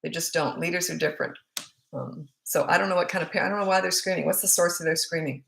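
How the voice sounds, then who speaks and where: A woman's voice: fairly low pitch, fairly even intonation, fast talker, vocal fry, a bit bright, a little hiss or hum. A woman, a parenting coach, chatting bluntly as she reads out viewer comments and answers them. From Australia. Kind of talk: casual live Q&A chat. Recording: roomy echo.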